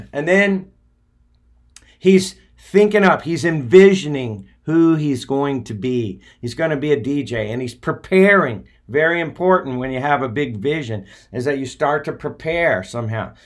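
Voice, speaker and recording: Rambling, hesitant man telling a story. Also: mid-range voice. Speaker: podcast host. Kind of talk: casual storytelling monologue.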